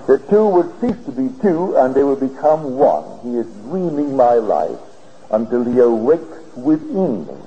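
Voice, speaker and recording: Man preaching slow and sing-songy, voice swoops up and down, long echo in a big hall. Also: medium pitch, sing-song. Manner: earnest, deliberate storytelling. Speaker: spiritual lecturer. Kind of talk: spiritual lecture. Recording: old archival lecture tape, dull and hissy, in a reverberant hall.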